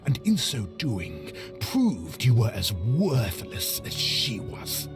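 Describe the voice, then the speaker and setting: Male actor as smug villain priest, slow, lively menacing swings, music under. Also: on the low side, heavily acted. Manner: menacing, measured theatrical delivery. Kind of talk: dramatic audiobook-style reading.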